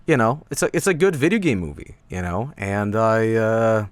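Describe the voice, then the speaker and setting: A man's voice: lowish voice, moderate pace, smooth, no room sound. A man chatting casually on a stream, rambling with lots of fillers and restarts and swearing now and then.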